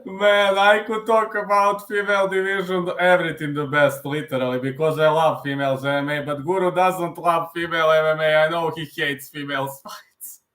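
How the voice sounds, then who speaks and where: A man's voice: fairly high pitch, level tone, moderate pace, few pauses, fairly bright tone. Man hosting a live Q&A, roomy sound. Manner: hesitant non-native phrasing with many fillers. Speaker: host. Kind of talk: live stream Q&A.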